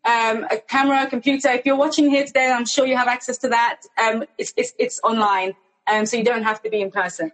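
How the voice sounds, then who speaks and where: Earnest higher-voiced woman therapist. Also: steady tone, quick pace, a bit bright, rough recording. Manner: earnest, repeats words. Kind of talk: casual chat as guest.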